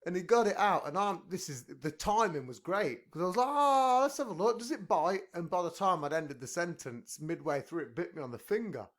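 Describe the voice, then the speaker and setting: A man's voice: fairly high pitch, lively intonation, brisk, hardly any pauses, fairly bright tone. A man hosting a podcast, telling stories in casual chat and laughing at his own jokes. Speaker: podcast host. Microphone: headphones on.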